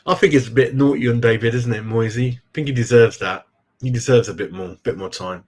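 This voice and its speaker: A man's voice: medium pitch, fairly quick. A middle-aged man chatting casually on a live fan stream, calling everyone "mate" as he goes. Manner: chatty, says "mate" a lot. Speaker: fan channel host.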